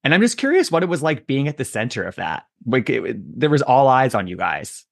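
A man's voice: medium pitch, sing-song, brisk, gravelly, no room sound, clean studio sound. A man hosting a casual interview, asking questions in an enthusiastic, conversational way. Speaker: interview host.

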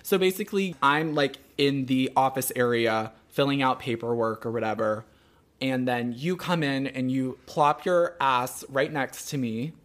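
A man's voice: medium pitch, a little slow. A young man co-hosting a casual couple's podcast, ranting and swearing while he acts out what his partner said. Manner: animated, swearing, mocking quotes. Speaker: podcast co-host.

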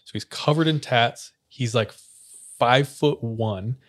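A young man tells a story to a friend in relaxed podcast chat. He acts out what other people said and laughs along as he goes. His voice sits at an ordinary pitch for a man. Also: unhurried. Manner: animated storyteller, acts out quotes, laughs often.

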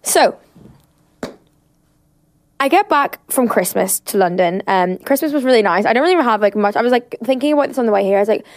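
A young Irish woman hosts a podcast, chatting casually with lots of fillers and the odd swear word. Her voice is a little high with lively intonation, and she talks briskly but pauses often.

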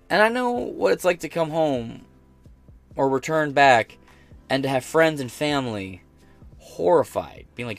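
An American man hosts a podcast, reacting to the news with a blunt, profane rant in casual commentary style. His voice sits at medium pitch with a slightly bright quality.

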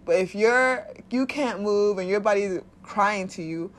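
Speaking a little slowly in a mid-range voice, a woman gives laid-back spiritual self-help advice that is blunt and full of profanity. She laughs a lot and voices little quoted characters representing body and soul.

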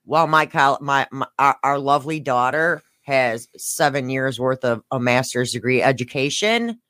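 A woman co-hosting a casual talk show, giggly and excitable. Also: extremely low pitch, moderate pace, no echo. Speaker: podcast co-host. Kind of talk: casual chat.

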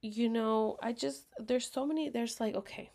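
A woman casually telling a personal story to her viewers, candid and expressive, swearing freely and slipping into half-whispers, with a dry throat she keeps clearing. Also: fairly high pitch, normal speed. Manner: talks in bursts, often drops to a half-whisper. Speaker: vlogger.

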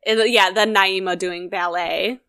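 A woman's voice: medium pitch, fairly even intonation, a little slow, pushed and bright, clean tone. Young woman co-host, casual, blunt, wry remarks, swears freely. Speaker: podcast co-host. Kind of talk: casual chat.

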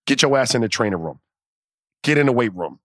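A man co-hosting a casual sports podcast, talking in animated, profane riffs and acting out imagined inner dialogue. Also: mid-range voice, brisk, no echo, studio quality. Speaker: podcast co-host.

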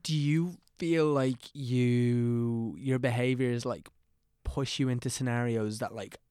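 A man's voice: mid-range voice, fairly even intonation, slow pace, a little mellow, smooth, no echo, clean studio sound. A man hosting a casual conversation, mostly listening and asking questions. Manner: brief listening responses, questions.

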